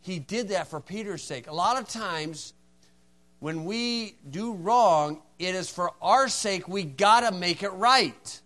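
Preaching a folksy sermon, a man with a high-sitting voice speaks slowly and animatedly. He acts out dialogue and swings from hushed tones to loud, forceful lines.

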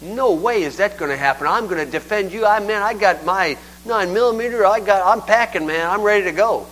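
A brash male fisherman vows to fight, talking in cocky street slang, as an older preacher acts him out. He sounds close to the preacher's own everyday voice, just a touch lower. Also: a little fast, fairly bright tone, slight background noise, rough recording. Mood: defiant.

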